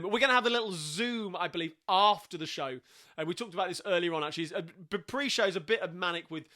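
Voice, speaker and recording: A man's voice: on the high side, sharp tone. A tired man hosting a casual livestream sing-along from home, chatting at a rambling pace with many ums.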